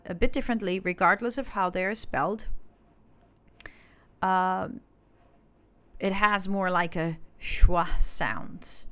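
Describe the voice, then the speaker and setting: A woman's voice: medium pitch, sharp tone, clean tone. A woman with an Indonesian accent, patiently teaching an English class step by step, with frequent filler sounds as she explains. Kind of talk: classroom instruction.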